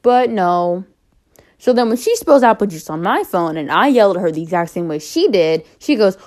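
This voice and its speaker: A young woman's fairly low, warm voice speaks unscripted to her camera. She rambles with frequent fillers and loses her thread at times, but stays candid and open about personal matters. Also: expressive, moderate pace. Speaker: vlogger.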